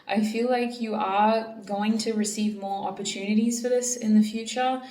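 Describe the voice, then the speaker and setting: A woman's voice: on the high side, fairly even intonation, normal speed, mellow. A woman giving a casual tarot reading, chatting affectionately and directly to her viewers. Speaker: tarot reader. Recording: echoey room, voice from a distance.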